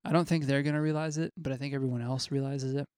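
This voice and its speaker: A man's voice: mid-range voice, steady tone, fast, a little mellow, no echo. A man with dry, wry humor in a casual podcast chat.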